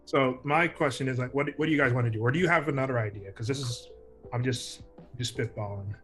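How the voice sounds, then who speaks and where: A man's voice: mid-range voice, fast, fairly bright tone, soft background music. A man playing a tabletop game, thinking aloud through plans with frequent restarts. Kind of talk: casual game table chat.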